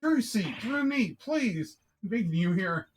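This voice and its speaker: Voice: mid-range voice, big pitch swings, faint music behind. Streamer doing a frazzled young lawyer guy, exasperated, snappy comebacks. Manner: exasperated, quick retorts. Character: young male lawyer, flustered and earnest. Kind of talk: voicing game dialogue on a live stream.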